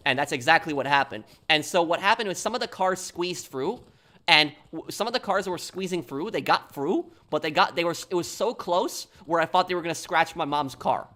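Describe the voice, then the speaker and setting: A man's voice: on the high side, expressive, fairly quick, pushed and bright. A man from New York telling a long story on a stream, rambling and restarting his sentences. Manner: rambling, repeats himself, restarts often.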